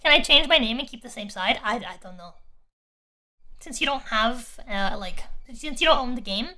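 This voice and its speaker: A woman's voice: on the high side, lively intonation, moderate pace, pushed and bright. A woman streamer chatting casually while playing a game, rambling and restarting her sentences and laughing often. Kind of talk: casual live-stream gameplay chat.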